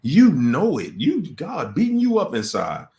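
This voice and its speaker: A man's voice: a little high, huge pitch swings, unhurried, warm tone. A man hosting a live question-and-answer stream, talking casually and dramatically, repeating phrases for emphasis and acting out voices in quoted dialogue. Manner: casual and conversational. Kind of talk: livestream talk on relationships.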